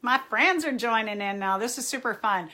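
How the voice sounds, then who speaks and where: A woman's voice: a little high, lively intonation, bright, forceful tone. A woman from Southern California, a therapist hosting a casual live-stream chat from a home library, upbeat and chatty, greeting viewers by name. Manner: hyper, talks fast. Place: library room at home, indoors.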